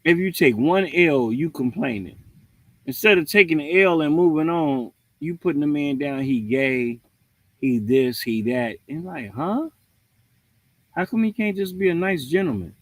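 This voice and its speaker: A man's voice: fairly high pitch, measured pace, no room sound. A man hosting a livestream, giving a casual, preachy rant with jokes. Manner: animated, preachy, joking. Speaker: livestream host.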